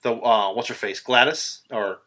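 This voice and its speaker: A man on a podcast excitedly retelling a horror film's ending in casual, profanity-laced chat, full of ums and restarts. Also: medium pitch, measured pace. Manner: animated retelling, swearing, filler-heavy. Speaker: podcast host. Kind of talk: casual film recap chat.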